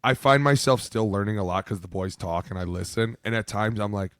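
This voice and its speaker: Casting: man, thirties, lowish voice, lively rambling storyteller, dry close mic. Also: fast talker, few pauses, no room sound. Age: 30s. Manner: animated storyteller, swears, acts out quotes. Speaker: podcast co-host, former NFL lineman. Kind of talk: casual chat.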